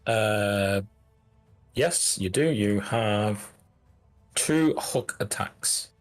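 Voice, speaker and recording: A man's voice: fairly low pitch, extremely slow. Casual male game master with background music. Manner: casual, hesitant with fillers. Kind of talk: running a tabletop game online.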